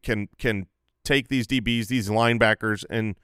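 A man co-hosting a fantasy football podcast, talking in a relaxed, conversational way with filler phrases. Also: on the low side, moderate pace, clear, resonant tone, no room sound, clean studio sound. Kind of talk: casual sports analysis chat.

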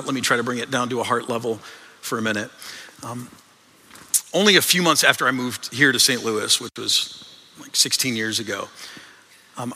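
Man, pastor, sermon, earnest conversational delivery, repeats words, very bright voice, long church reverb. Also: medium pitch. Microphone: microphone. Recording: long reverb in a large hall.

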